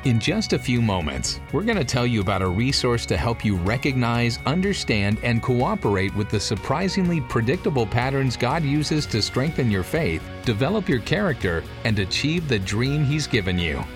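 A man reading the scripted opening of a radio ministry broadcast in a smooth promotional style. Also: mid-range voice, sing-song, moderate pace, few pauses, music in the background. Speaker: radio program announcer.

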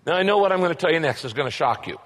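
A man's voice: a little high, animated, rapid-fire, fairly bright tone, in a large hall. A middle-aged man preaching a sermon as pastor, with an emphatic, repetitive cadence.

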